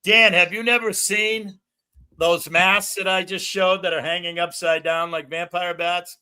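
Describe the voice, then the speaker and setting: Loud, excitable middle-aged man. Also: high-pitched, a little slow, smooth. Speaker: livestream host. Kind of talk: rambling casual chat. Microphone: no headphones.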